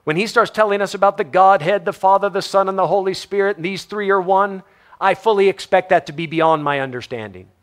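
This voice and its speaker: A man preaching a sermon, shifting between emphatic stresses and hushed low phrases, reading scripture aloud. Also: fairly quick. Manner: reads scripture in old-fashioned wording. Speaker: pastor.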